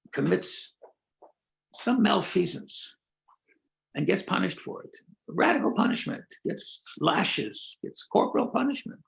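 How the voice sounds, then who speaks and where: An older man, a rabbi, speaking in an earnest, measured way and slowing down to stress key points as he tells stories. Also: high-pitched, creaky, low-quality recording. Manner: earnest, measured, with deliberate slowed emphasis. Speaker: rabbi and prison-outreach leader. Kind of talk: conversational talk, storytelling.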